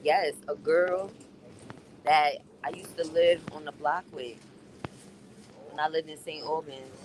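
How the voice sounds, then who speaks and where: New woman livestreaming on the bus, slangy and chatty, mask-muffled, loud bus noise on a phone mic. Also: low-pitched, fairly even intonation, takes it slowly. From New York. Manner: chatty, reads out viewer comments, slangy. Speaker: live streamer. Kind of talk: casual live-stream chat. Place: on a city bus. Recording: noisy phone recording on a moving bus.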